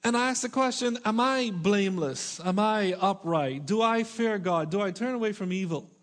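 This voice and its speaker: High-voiced preacher asking drawn-out questions. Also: male voice. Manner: drawn-out emphatic questions, playful asides. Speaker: pastor. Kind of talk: sermon. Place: church with congregation.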